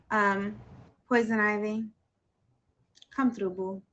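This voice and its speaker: A woman's voice: a little high, steady tone, slow, pauses often, pushed and bright. A woman hosting a casual livestream talk show, effusive and emotional, calling out to her viewers and gushing over her guest.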